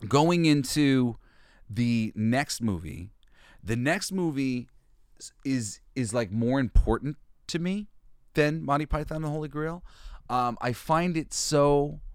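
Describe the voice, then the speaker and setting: Animated, swearing man telling stories. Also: mid-range voice, takes it slowly, smooth, no echo, studio quality. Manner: animated, laughs often, swears, loose restarts. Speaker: host. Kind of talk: casual storytelling monologue.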